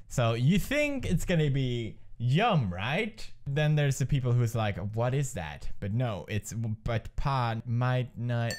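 A man playing a quiz game, shouting, laughing and swearing as he plays. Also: mid-range voice, takes it slowly, few pauses. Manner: excitable, yelling and swearing at the game. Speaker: gamer. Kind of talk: let's play commentary.

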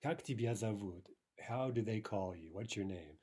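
Male language teacher, low husky voice, easygoing explainer who keeps checking in. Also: normal speed. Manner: relaxed, many uh fillers and "right?" checks. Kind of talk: recorded lesson explaining grammar.

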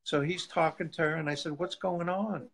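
A man's voice: fairly high pitch, normal speed, a little hiss or hum, rough recording. A man, a guest evangelist, telling testimony stories in a casual live chat, laughing and acting out what people said. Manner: lively storyteller, laughs often, acts out quotes.

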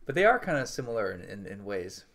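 A man co-hosting a casual podcast, animated and quick to laugh. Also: lowish voice, vocal fry. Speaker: podcast co-host.

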